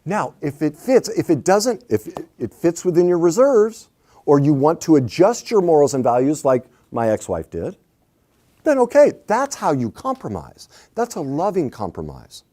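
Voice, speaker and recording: A middle-aged man coaching on relationships, swinging between hushed reflection and loud emphatic points. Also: fairly high pitch, big pitch swings, moderate pace. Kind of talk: animated advice talk.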